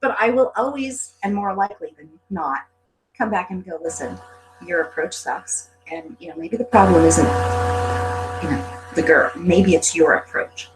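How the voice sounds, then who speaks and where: A woman's voice: mid-range voice, normal speed, poor audio. A woman in a casual chat, speaking frankly and expressively and swearing freely. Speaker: guest.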